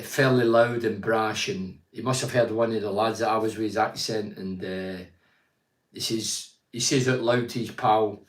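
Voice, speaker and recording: An older man from Teesside hosts a casual chat show, reading out viewer comments and offering blunt, rambling opinions. His voice is fairly low in pitch and sounds reverberant.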